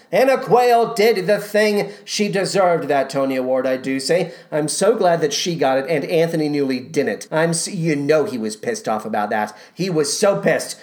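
A man hosting a musical theatre podcast, giving scripted commentary with wry, sardonic asides. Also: fairly high pitch. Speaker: podcast host.

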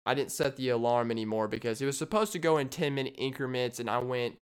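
A man's voice: medium pitch, fast talker, clear, resonant tone. A man hosting his own solo podcast, rambling in a jokey way and riffing on silly ideas. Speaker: podcast host. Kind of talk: solo comedic podcast monologue.

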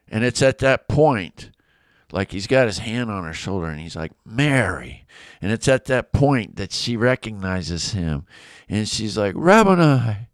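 A man's voice: on the low side, smooth, dry recording, clean studio sound. Eager man leading a Bible study. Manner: enthusiastic, conversational. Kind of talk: casual devotional teaching.

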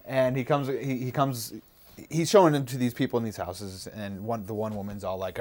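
A man's voice: mid-range voice, steady tone, normal speed, darkish tone. A man with an ordinary mid-range voice retelling a film's scenes on a podcast. He rambles through the recap with frequent restarts. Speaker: podcast co-host. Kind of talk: casual movie discussion.

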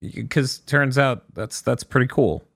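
A man chatting about video games on a podcast, excitable and quick to launch into a rant. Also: mid-range voice, creaky, no room sound, studio quality. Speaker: podcast co-host. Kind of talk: casual gaming podcast chat.

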